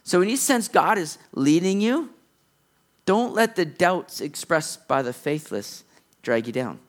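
Male pastor, middle-aged, high voice, lively sermon delivery that acts out the characters' lines. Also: a little slow. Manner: animated preaching, acting out characters' lines.

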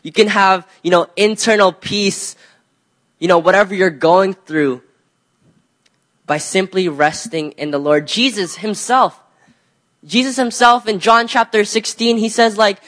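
Young guy preaching, high voice, chatty and loose, lots of you know's. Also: fairly even intonation, measured pace, fairly bright tone. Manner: conversational, many "you know" fillers and restarts. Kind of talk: sermon.

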